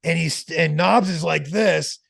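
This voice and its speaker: A man telling a long, animated anecdote as an interview guest, in a slangy, casual way. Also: fairly high pitch, unhurried, creaky, no echo, studio quality.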